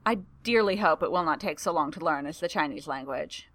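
A woman voicing a tired, reserved gentleman who speaks firmly in a storybook reading. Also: low-pitched, lively intonation, a little fast, dry recording. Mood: weary. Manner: tired, firm.

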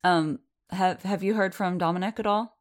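An eager young gentleman with an endlessly cheerful heart, as a woman reading an audiobook puts him on. He talks in hesitant, hopeful bursts, pausing and restarting as ideas spill out, in a low voice that lifts when he gets keen. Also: steady tone, lightly acted. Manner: hesitant and hopeful, words tumbling out. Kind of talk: audiobook character voice.

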